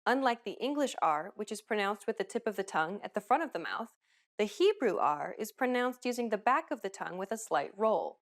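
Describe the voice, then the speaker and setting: A woman hosting a pronunciation lesson, giving upbeat, clearly enunciated scripted instructions. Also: mid-range voice, very animated, brisk. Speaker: language teacher host.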